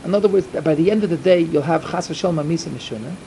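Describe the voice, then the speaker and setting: A man voicing a stern, commanding old rabbi in a told tale, with slow, forceful scolding. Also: fairly high pitch, slight background noise, natural voice, low-quality recording. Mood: solemn.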